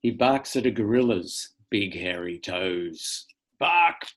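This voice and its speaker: A children's author reads a picture book to children from home over an online connection, in a low-pitched, slightly slow voice. His reading is playful and theatrical, complete with loud barks.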